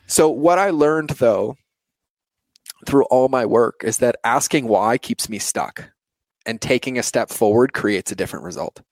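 There's no echo as a man in his thirties, an entrepreneur guest, speaks unhurriedly in a medium-pitched voice with lively intonation. The talk is a reflective personal interview about his life, delivered earnestly and packed with "like" and "you know."

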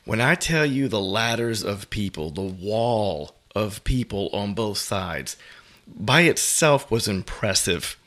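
Lively New storyteller man. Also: on the low side, slow pace. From New Orleans. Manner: animated storyteller, laughs often. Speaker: podcast host. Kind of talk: casual storytelling chat.

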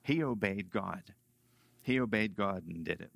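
A male pastor preaching a sermon emphatically, repeating key phrases and swinging between loud stresses and hushed lines. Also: lowish voice, measured pace, vocal fry, no room sound.

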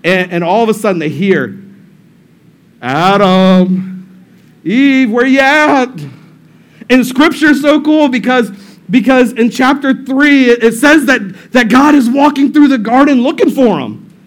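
A male pastor with a fairly high voice who gives a casual, storytelling sermon in a church. He preaches in an animated, joking way and often repeats his phrases. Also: moderate pace. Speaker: lead pastor. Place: church service room.

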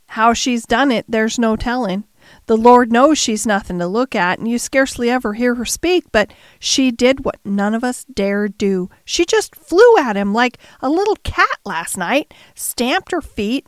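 A woman's voice: on the high side, no echo. A woman voicing a blunt, gossipy older housekeeper in an audiobook reading. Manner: gossipy, emphatic.

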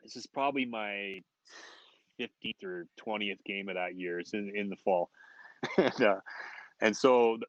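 Animated man telling a locker-room story. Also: fairly low pitch, unhurried, long pauses, dry recording, lo-fi sound. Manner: animated, laughing, many restarts. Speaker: guest, former pro hockey player. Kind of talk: casual storytelling.

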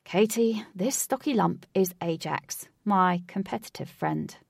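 A smug, confident young team captain in a storybook, speaking loud and upbeat, as a woman narrator puts him on. The voice is low and gravelly, recorded close and dry. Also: a little slow, dry recording, heavily acted.

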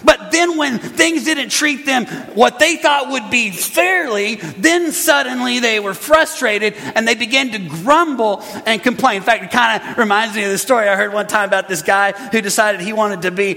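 A man preaching a sermon as pastor, animated, acting out grumbling voices for laughs. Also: sits high, moderate pace, creaky, few pauses. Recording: long hall reverb.

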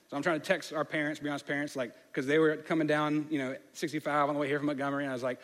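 A man's voice: fairly high pitch, little pitch movement, racing, hardly any pauses, fairly bright tone. A man with a slight lisp, telling a personal story in a sermon in a candid way with many fillers. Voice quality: slight lisp on some words. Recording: long hall reverb.

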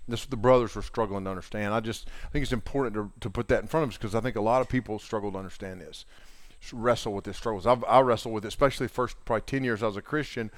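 A man's voice: mid-range voice, dry recording, clean studio sound. A middle-aged man preaching a sermon in a casual, earnest way, retelling scripture in everyday talk. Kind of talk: conversational sermon.

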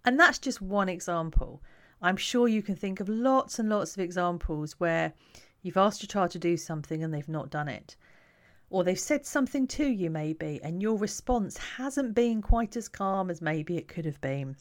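A woman who coaches parents, talking to camera in a calm, reflective, conversational way. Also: on the low side, normal speed.

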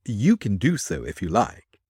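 Man reads as a cold, grim gentleman who speaks curtly. The voice is low and recorded dry and close. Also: wildly swooping pitch, unhurried, slightly rough, no room sound, heavily acted. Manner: curt, grim.

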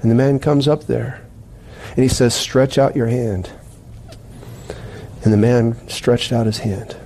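A male pastor preaching a sermon in a church, retelling scripture in slow, emphatic phrases. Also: mid-range voice, steady tone, gravelly, warm tone, slight background noise. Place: church sanctuary.

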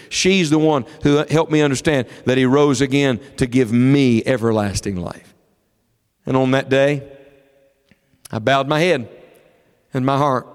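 A man preaching a sermon in a sanctuary, his somewhat high voice carrying long reverb off the walls. He swings from rising, emphatic declarations to quiet, close storytelling. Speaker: pastor.

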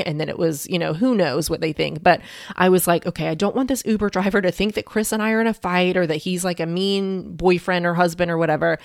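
A woman's voice: on the low side, creaky, no room sound, studio quality. A middle-aged woman hosting a podcast, telling a personal story in a frank, emotional way and swearing casually. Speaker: podcast host and coach.

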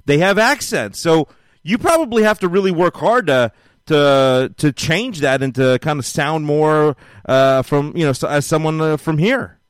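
A man's voice: a little high, unhurried, clean tone, dry recording, clean studio sound. A man hosting a casual interview, easygoing and repeating his friendly affirmations. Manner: easygoing, repeats phrases like "I hear ya". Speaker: interview host.

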